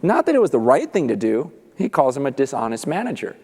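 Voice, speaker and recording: A man preaching a sermon, retelling a parable with lively storytelling and acted-out voices. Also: medium pitch, fast, breathy edge, long reverb tail. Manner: animated storytelling, acts out characters. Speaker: pastor.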